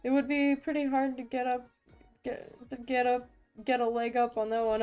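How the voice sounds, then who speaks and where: A woman's voice: fairly high pitch, level tone, normal speed, darkish tone, smooth, muffled recording, faint music behind. A woman streaming as a vtuber, chatting casually with viewers while drawing, playful and self-mocking with frequent laughs and restarts.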